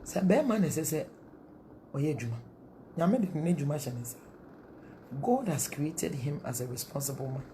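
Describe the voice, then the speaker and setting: A woman's voice: deep voice, sing-song, moderate pace, pauses often, dark tone, a little hiss or hum. A middle-aged woman with a Ghanaian accent, preaching marriage counsel in a sermon, mixing Twi and English and asking rhetorical questions.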